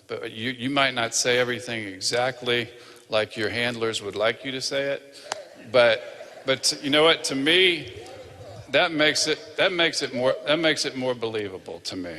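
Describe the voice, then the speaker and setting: Middle-aged male interviewer, halting and earnest, sharp voice, theater reverb. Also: mid-range voice. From rural Virginia. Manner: halting, restarts sentences, earnest. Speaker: onstage interviewer. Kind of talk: conversational questions onstage. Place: large theater hall.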